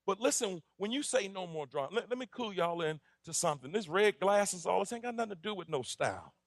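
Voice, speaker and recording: A man in his forties, a pastor giving an impassioned sermon that builds from quiet reflection to shouted, repetitive declarations. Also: sits high, animated, brisk, dry recording, studio quality. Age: 40s. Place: church.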